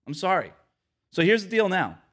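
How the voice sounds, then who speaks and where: With a high-pitched, sing-song and somewhat bright voice at normal speed, a sports podcast host delivers an emphatic opinion rant. Along the way he mocks what people said by mimicking them in silly voices.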